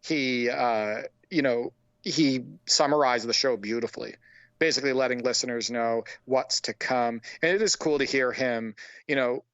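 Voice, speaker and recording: Smooth-voiced man co-hosting a podcast. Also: mid-range voice, normal speed, a bit bright, no room sound. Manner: rambling, many fillers like "and whatnot". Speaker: podcast co-host. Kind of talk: casual podcast chat. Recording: slightly dull lo-fi mic.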